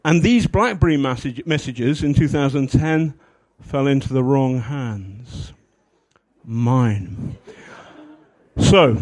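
A man's voice: mid-range voice, darkish tone. A man giving a humorous talk to an audience, rambling with fillers and mocking himself. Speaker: speaker.

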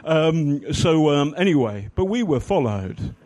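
A man speaking to an audience with a fairly high voice for a man. He rambles, stops often for fillers, and jokes at his own expense. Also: big pitch swings, unhurried, mellow. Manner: rambling with fillers, self-mocking. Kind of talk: humorous talk to an audience.

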